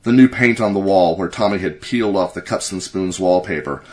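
A man reading a short story aloud as narrator, in a steady storytelling manner. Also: low-pitched, fairly quick. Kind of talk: audiobook narration.

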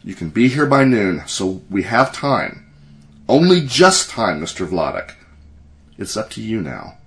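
A man reading as a calm, assured doctor. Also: on the low side, full character voice. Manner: calm, measured.

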